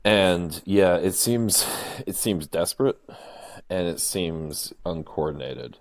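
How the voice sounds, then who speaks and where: A man co-hosting a casual political discussion podcast, talking in a measured, analytical way with frequent pauses. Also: low voice. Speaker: podcast co-host.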